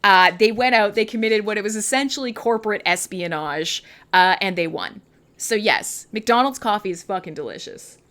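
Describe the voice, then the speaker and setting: A woman's voice: mid-range voice, lively intonation, moderate pace, a bit bright. A tired woman from Canada hosting a casual livestream, rambling, giggly, swearing freely and making fun of herself. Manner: rambling, giggly, profane, self-mocking. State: tired and high. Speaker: livestream host.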